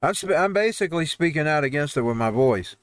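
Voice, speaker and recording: Man, fairly high voice, heated rambling commentary, dry close sound. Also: expressive, quick pace, clean tone, dry recording. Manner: heated, rambling, restarts often. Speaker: host. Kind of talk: ranting commentary over headlines. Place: home newsroom studio.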